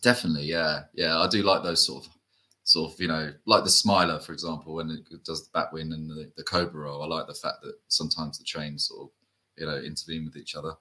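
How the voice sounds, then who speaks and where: Uk guy cohosting a chat show, really low voice but bright edgy tone, rambly with lots of ums. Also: steady tone, fast talker, rough recording. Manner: chatty, lots of fillers and tag questions. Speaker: co-host. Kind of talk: casual enthusiast chat.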